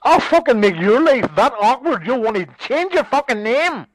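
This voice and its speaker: Brief: high-voiced man, furious and sweary on the phone, dry close sound. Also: sing-song, normal speed, no room sound, poor audio. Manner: angry, sweary, insistent. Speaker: online promoter. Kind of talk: heated phone argument.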